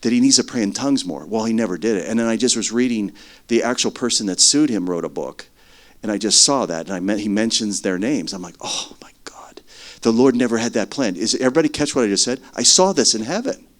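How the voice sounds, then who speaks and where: A middle-aged man preaching a sermon as earnest testimony, swinging between loud stretches and hushed ones. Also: on the low side, animated, quick pace.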